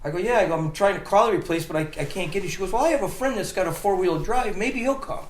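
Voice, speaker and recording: Animated man telling a story, echoey room. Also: high-pitched, fast. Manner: animated, rambling, restarts and laughs while telling. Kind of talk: casual storytelling chat.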